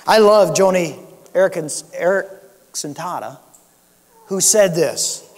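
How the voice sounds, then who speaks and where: A male pastor delivers an earnest sermon in a noticeably high voice. He lifts his voice for emphasis, then sinks low and quiet to drive a point home. The sound carries a long reverb from the church hall. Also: animated, slow pace. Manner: earnest preaching, rising and dropping to soft emphasis. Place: church sanctuary.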